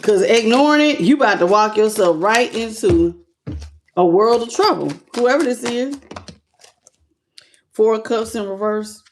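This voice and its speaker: A woman's voice: a little high, expressive, measured pace, long pauses, slight background noise. A woman giving a live tarot reading, talking bluntly and sassily and calling her viewers baby and honey. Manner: greets live chat viewers by name. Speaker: tarot reader.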